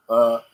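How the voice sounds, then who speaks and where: A man's voice: mid-range voice, a little mellow, low-quality recording. A man hosting a casual livestream, reading out viewer comments and giving blunt, emphatic opinions and addressing listeners as "man.".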